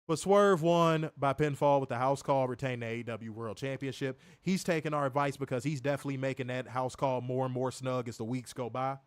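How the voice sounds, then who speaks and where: A man's voice: medium pitch, fairly quick, hardly any pauses, clear, resonant tone, dry recording. A man co-hosting a casual review show, blunt and profane, with a mid-range voice. He sounds close and dry, with no room around him. He reads viewer comments aloud between his own takes. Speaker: co-host of a wrestling review show. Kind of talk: casual chat.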